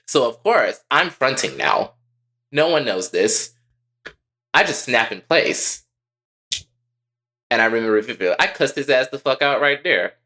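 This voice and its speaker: A man co-hosting a podcast, telling a story in a casual, profane and animated way. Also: mid-range voice. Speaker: podcast co-host.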